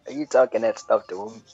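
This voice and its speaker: A man's voice: fairly low pitch, breathy edge. A man chatting with a friend over a game, laid-back and amused, swearing casually. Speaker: gaming friend. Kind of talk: casual chat over gameplay. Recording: muffled lo-fi audio with faint music.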